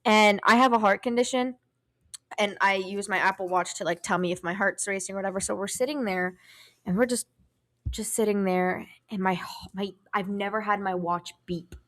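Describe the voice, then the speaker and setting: Young woman on a podcast, fast casual storytelling, swears a lot, does the voices of everyone in the story. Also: medium pitch. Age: young adult. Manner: animated, profane, acts out quoted voices. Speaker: podcast co-host.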